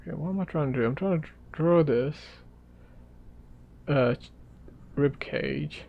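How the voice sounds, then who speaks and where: The voice is on the high side, gravelly and unhurried, captured in a muffled recording. Chatting casually during a live sketching stream, the man rambles in a laid-back way and trails off to mutter while drawing.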